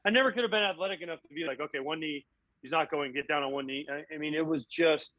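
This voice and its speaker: A man, a former baseball catcher and broadcast analyst, telling animated stories from his playing days in a casual interview, often acting out what people said. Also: a little high, fast talker, no echo, poor audio. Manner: animated, acts out quotes.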